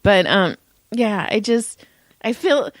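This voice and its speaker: A woman's voice: medium pitch, slow, dry recording, clean studio sound. A woman in her thirties co-hosting a podcast, telling stories in casual chat and laughing often. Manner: laughs a lot while telling stories, animated. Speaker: podcast co-host.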